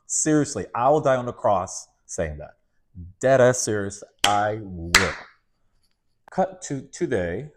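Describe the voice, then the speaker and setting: A man in his late thirties hosting a podcast, telling a personal story in a candid, expressive way with profanity, laughter and playful asides. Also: lowish voice, slow, pauses often. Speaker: podcast host.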